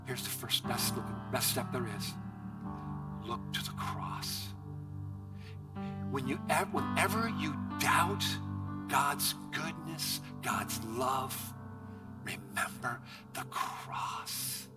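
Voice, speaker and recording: A man's voice: medium pitch, animated, takes it slowly, recorded from a distance. A man pastor leading an earnest closing prayer in a church, pleading and repeating phrases as he speaks to the congregation. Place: church sanctuary. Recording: music playing behind, from off the mic.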